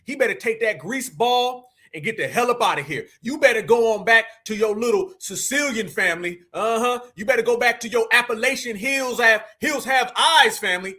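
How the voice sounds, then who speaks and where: High-pitched, husky livestream host man. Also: bright, forceful tone. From United States. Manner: emphatic and repetitive, calls listeners "fam"; preachy, addresses the audience directly. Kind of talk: livestream commentary.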